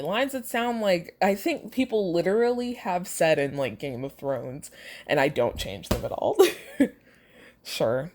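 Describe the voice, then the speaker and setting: A woman hosting a podcast, chatting casually and critically about her own fanfiction. Her voice is low, and she rambles with fillers and little laughs. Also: big pitch swings, measured pace, a little mellow. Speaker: podcast host.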